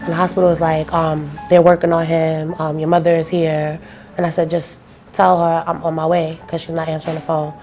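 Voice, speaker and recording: A woman's voice: low-pitched, flat delivery, fairly quick, darkish tone, soft background music. A young woman speaking as an interview guest, telling a personal story in a loose, casual way and acting out the phone calls she describes.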